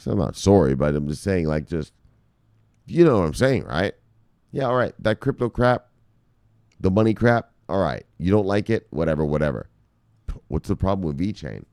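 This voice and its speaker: A man's voice: deep voice, creaky, darkish tone, no room sound, clean studio sound. A man hosting a crypto news vlog, ranting casually with lots of swearing and laughing asides. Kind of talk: casual profane news commentary.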